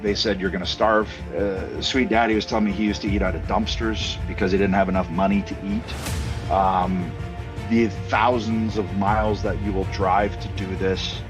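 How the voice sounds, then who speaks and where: A middle-aged man from Canada, a podcast guest telling stories in a casual, animated way with jokey asides and plenty of fillers. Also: on the low side, normal speed, over music. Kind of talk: casual storytelling interview.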